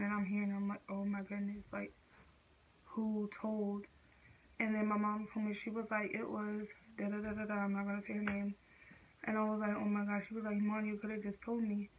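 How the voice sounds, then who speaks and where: A woman's voice: mid-range voice, phone-quality sound, a little hiss or hum. A teenage girl vlogger telling a personal story in casual, slangy speech full of fillers.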